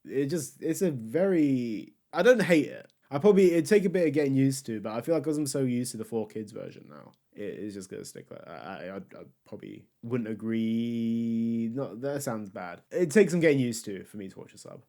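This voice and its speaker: A man's voice: mid-range voice, lively intonation, brisk, few pauses, warm tone. A man co-hosting a casual podcast chat, rambling with many fillers and restarts, and laughing often. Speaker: podcast co-host.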